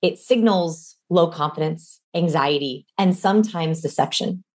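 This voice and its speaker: A woman's voice: on the low side, a little slow. A young adult woman, a guest expert on communication, explaining energetically in an interview. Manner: energetic, demonstrates voices mid-sentence. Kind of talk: animated interview explanation with vocal demos.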